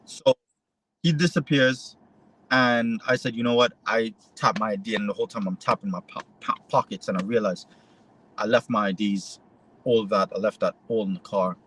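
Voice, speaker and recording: Man telling a story in animated retelling. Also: lowish voice, normal speed, low-quality recording. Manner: animated retelling, voices quoted exchanges. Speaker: interview guest; photojournalist. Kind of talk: conversational storytelling.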